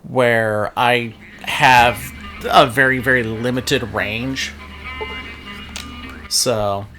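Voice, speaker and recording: A man's voice: mid-range voice, steady tone, very slow, sharp tone, soft background music. A man hosting a casual, joking let's-play commentary of a video game. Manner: joking, chatty.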